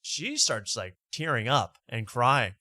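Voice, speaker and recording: A man's voice: mid-range voice, expressive, takes it slowly, bright, forceful tone, dry recording. Joking male talk show host, dry sound. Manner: joking, rambling, laughs often. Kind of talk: casual comedic talk show banter.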